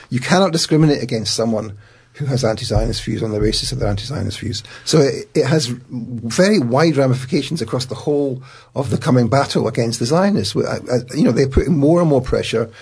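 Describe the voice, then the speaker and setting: A middle-aged man, a guest in an interview, recounting events in an animated way with many restarts. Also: medium pitch, gravelly, slightly rough. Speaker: guest, academic.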